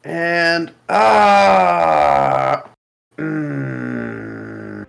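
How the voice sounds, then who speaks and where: A man's voice: fairly high pitch, big pitch swings, extremely slow, creaky, fairly bright tone, clean tone. A man playing a tabletop game, hesitant with many fillers and playful. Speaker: player. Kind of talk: casual tabletop game play.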